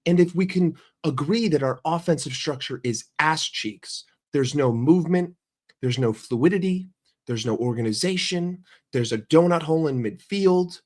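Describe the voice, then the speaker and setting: A man's voice: on the high side, moderate pace, darkish tone. Profane, heated male football streamer. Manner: questions the chat directly. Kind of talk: livestream football rant.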